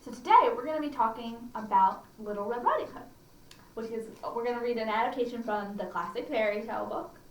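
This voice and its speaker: Animated librarian reading to kids. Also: female voice, fairly high pitch, a little fast. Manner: chatty, with fillers and restarts. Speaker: children's librarian. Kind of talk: storytime read-aloud. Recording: roomy echo, distant mic, faint hum.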